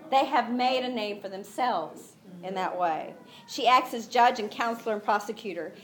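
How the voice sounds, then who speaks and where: A woman's voice: fairly high pitch, moderate pace. A woman giving a conversational Bible teaching to other women, acting out the quoted lines with a lifted voice. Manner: animated, acts out quotes with rising voice; conversational, frequent "you know".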